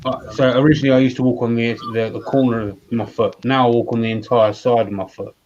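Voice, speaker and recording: A man's voice: mid-range voice, little pitch movement, fast talker, darkish tone. An Australian man chatting casually on a call, rambling and swearing offhandedly. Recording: dull call audio with faint noise.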